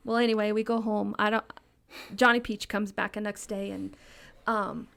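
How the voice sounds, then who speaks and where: A middle-aged woman telling stories as a podcast guest in a casual, lively, blunt way, swearing freely and often laughing. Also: mid-range voice, normal speed, creaky, clear, resonant tone. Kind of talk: casual storytelling.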